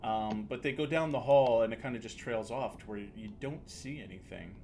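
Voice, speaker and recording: A man narrating as dungeon master in a casual tabletop game, halting with fillers and often laughing. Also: mid-range voice, gravelly, a little mellow, a little hiss or hum.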